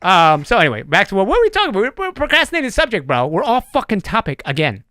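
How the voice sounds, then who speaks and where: A man hosting a podcast, rambling through jokey, animated tangents in casual chat. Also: high-pitched, fast talker, no echo, studio quality. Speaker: podcast host.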